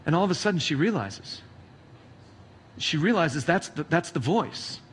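Male pastor, high-pitched, dynamic sermon storyteller. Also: animated, normal speed, slightly rough. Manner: reads scripture then retells it in plain storytelling.

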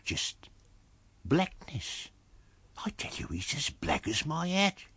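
A man doing a hushed rustic carrier. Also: fairly high pitch, huge pitch swings, slightly rough, dry recording, voice pushed up, full character voice. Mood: conspiratorial. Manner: slow, rustic dialect, hushed and confiding. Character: rustic conspiratorial male village carrier.

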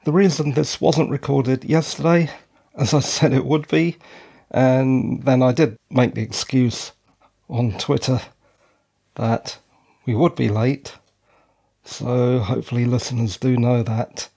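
A middle-aged podcast host speaks a little slowly in a medium-pitched, gravelly, dark and slightly rough voice with fairly even intonation. Breathless and worn out, he rambles through a casual solo chat, poking fun at himself, into a handheld dynamic microphone.

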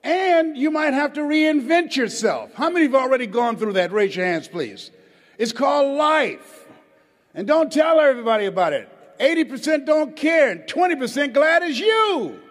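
High-voiced man rousing a crowd. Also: sing-song, normal speed. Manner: rousing, asks the audience to respond. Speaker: motivational speaker. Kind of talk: motivational speech to a live audience. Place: stage before a live audience. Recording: long hall reverb.

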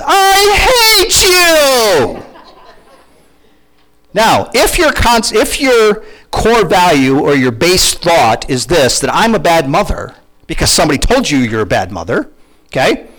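Middle-aged guy preaching, voice sits high and swoops all over, chatty, keeps asking the crowd stuff. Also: poor audio. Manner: animated, conversational preaching with questions to the congregation. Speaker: pastor. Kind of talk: sermon.

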